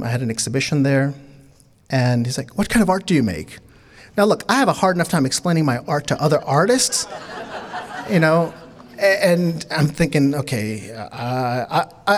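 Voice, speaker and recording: A middle-aged man, born in Bangladesh and raised in New York City, whose first language is not English, tells a personal story in a casual, animated way and acts out the dialogue. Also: mid-range voice. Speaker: artist telling a personal story.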